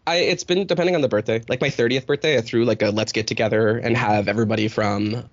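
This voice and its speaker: A man's voice: mid-range voice, quick pace, no room sound, highs cut off. Rambling candid man hosting a podcast. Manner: rambling, candid, swears freely, many fillers. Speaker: podcast host. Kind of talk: casual chat.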